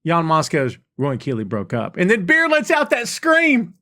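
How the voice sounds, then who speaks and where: A man's voice: a little high, wildly swooping pitch, normal speed, pushed and bright, no room sound, clean studio sound. A man chatting casually as a podcast co-host, enthusiastically retelling scenes. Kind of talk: casual review chat.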